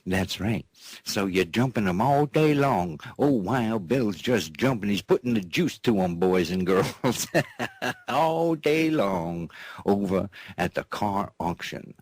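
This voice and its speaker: A man's voice: lowish voice, animated, slow, a little mellow, slightly rough, no room sound. A man hosting his own show in a playful cowboy-style comic monologue, drawling and often repeating himself with a chuckle. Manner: drawling, repeats "that's right", chuckles between phrases; playful cowboy-style banter with an off-mic partner. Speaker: host of a news and commentary show.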